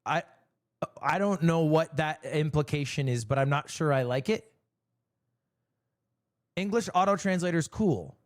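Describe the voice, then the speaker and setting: A young man with a fairly high voice talks loosely to his stream audience. He rambles, pokes fun at himself and breaks into laughter often. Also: unhurried, pauses often. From United States. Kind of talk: casual stream chat.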